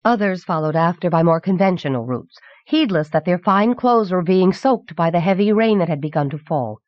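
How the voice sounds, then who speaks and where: A woman reading a novel aloud as audiobook narrator in a measured, clear voice from an old cassette recording. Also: fairly low pitch, animated, dry recording. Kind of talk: scripted narration. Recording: dull 1990s cassette audiobook.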